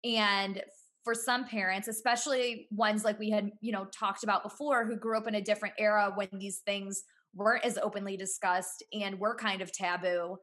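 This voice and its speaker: Podcast guest: woman, former teacher, mid-pitched, earnest and chatty with soft laughs. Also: steady tone, moderate pace. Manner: earnest, talks through ideas with frequent "you know" and soft laughs. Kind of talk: casual podcast conversation.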